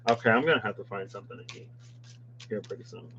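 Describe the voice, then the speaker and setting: A man's voice: fairly low pitch, quick pace, sharp tone, muffled recording, slight background noise. A man reading tarot cards in a casual chat, musing aloud with playful asides. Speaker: tarot reader. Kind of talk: casual tarot deck walkthrough.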